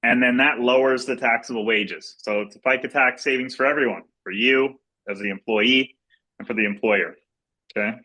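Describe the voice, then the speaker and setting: Bright-voiced man giving an informal training. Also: mid-range voice, fairly even intonation, normal speed, poor audio. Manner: informal and repetitive, many fillers and restarts, plain explanatory tone. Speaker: company executive leading a sales training. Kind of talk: recorded training presentation over slides.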